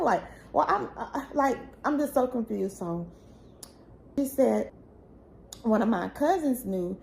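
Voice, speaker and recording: Woman vlogging her own story, low mellow voice with some fry, rambly and emotional. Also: expressive, slow, long pauses, slight background noise, rough recording. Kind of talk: personal storytelling vlog.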